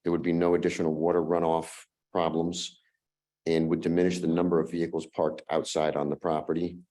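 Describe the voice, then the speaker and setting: Low deep voice, hoarse man, dark mellow tone, presenting to a zoning board. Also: level tone, a little fast. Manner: reads a numbered list, with fillers and asides. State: hoarse, losing his voice. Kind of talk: formal presentation. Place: town meeting room.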